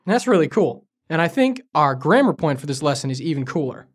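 Recorded in a Beijing studio, this male co-host of a language lesson podcast acts as an inquisitive learner, asking for examples. He speaks briskly in a slightly high, sing-song voice with a bit of roughness.

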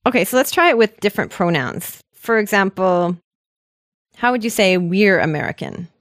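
A woman's voice: mid-range voice, animated, normal speed, dry recording, clean studio sound. A woman from Canada co-hosting a language lesson podcast, explaining patiently with light jokes. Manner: upbeat, joking, explains patiently.

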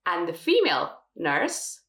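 Slow, careful woman teaching Spanish. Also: on the low side, huge pitch swings, roomy sound, background noise. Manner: slow, careful modelling of words. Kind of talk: language lesson drill.

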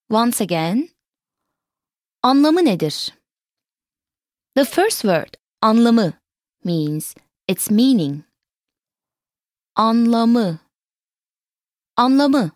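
Woman, lesson host, higher voice, slow and carefully enunciated, dry close recording. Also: very animated, a little mellow, no room sound. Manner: slow, clearly enunciated repetition of phrases. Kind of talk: scripted language lesson.

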